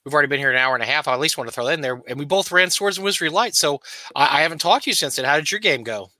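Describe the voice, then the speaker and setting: Man, podcast co-host, rapid talker, very bright tone, dry sound. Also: fairly high pitch, dry recording. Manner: quick, excitable, interrupting. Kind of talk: casual chat.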